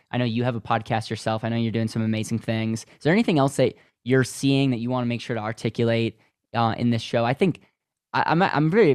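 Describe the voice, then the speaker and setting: A man's voice: mid-range voice, darkish tone, smooth, no echo, studio quality. An American man hosting a podcast, enthusiastic and motivational, often restarting his sentences. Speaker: podcast host. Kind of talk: podcast interview.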